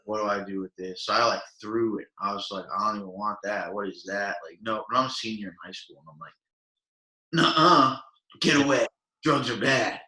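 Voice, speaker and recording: In an echoey room, this young podcast co-host rattles off meandering stories at a quick pace with few pauses, leaning on fillers and lively quoted impressions. His voice is lowish.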